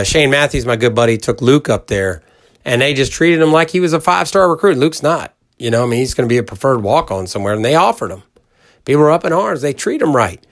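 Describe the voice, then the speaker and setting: Folksy middle-aged male podcast host, mid-pitched, emphatic and rambling, chatty storyteller. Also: a bit bright. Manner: folksy, rambling storyteller who acts out quoted voices; emphatic, talks straight to listeners. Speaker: college football podcast host. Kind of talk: casual podcast chat.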